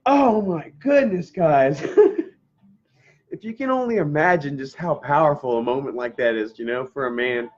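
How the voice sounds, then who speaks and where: At home and speaking straight to camera, a middle-aged male vlogger tells an emotional family story, rambling, swearing casually, and laughing through tears. His voice is a little high and his pace normal. The camera audio is dull and lo-fi.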